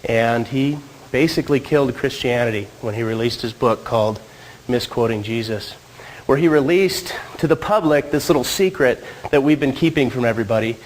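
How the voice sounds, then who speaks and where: A man's voice: medium pitch, slight background noise, poor audio. A married man with a cold, giving a casual church talk with joking asides to the audience. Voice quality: slightly husky from a cold. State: getting over a cold. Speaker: church speaker. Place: church hall.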